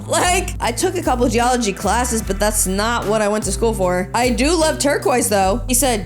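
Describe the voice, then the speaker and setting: Young woman podcast host, fairly high voice, crude and sarcastic, faint music behind. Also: expressive, normal speed. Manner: sarcastic, crude, mocking impressions. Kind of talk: solo comedic commentary.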